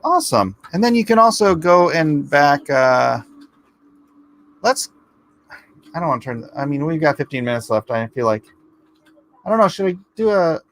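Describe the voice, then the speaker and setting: A man hosting a livestream in a casual, rambling, jokey way, reading chat comments aloud and answering them. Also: medium pitch. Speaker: livestream host.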